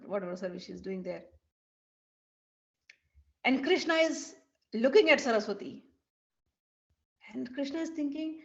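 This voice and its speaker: A woman telling a devotional story in an animated, vivid way. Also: mid-range voice, creaky. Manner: animated, vivid retelling with restarts. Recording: dull lo-fi recording.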